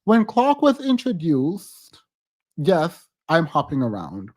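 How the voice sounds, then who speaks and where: A man's voice: on the high side, huge pitch swings, slow, dry recording. A man hosting a podcast, giving casual, emphatic reality-TV commentary and laughing often. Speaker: podcast host.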